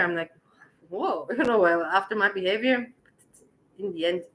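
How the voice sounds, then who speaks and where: A woman casually telling a personal story to her viewers, animated and laughing as she acts out the dialogue. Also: mid-range voice, normal speed, rough recording.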